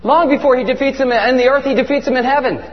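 A man's voice: very high-pitched, steady tone, quick pace, in a large hall, dull audio. A man preaching a comic sermon in a large church, joking and teasing his audience. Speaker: pastor.

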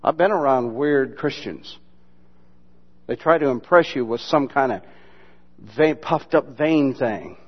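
A man preaching a sermon in a folksy, mocking, humorous way, mixing Bible lessons with sudden loud imitations. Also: mid-range voice, a little slow, long pauses, husky. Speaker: pastor. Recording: dull lo-fi sermon recording.

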